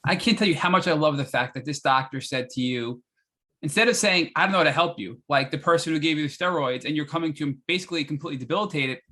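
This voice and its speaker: A man hosts an interview podcast, summing up his guest's story and asking questions with animated energy. He talks rapidly, in a bright, forceful voice that sits somewhat high for a man. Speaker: podcast host.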